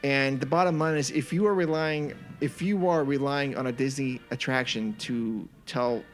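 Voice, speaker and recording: A man's voice: mid-range voice, fairly even intonation, soft background music. A man co-hosting a podcast in casual chat, agreeable and a bit wry. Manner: agreeable, quick back-and-forth interjections. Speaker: podcast co-host.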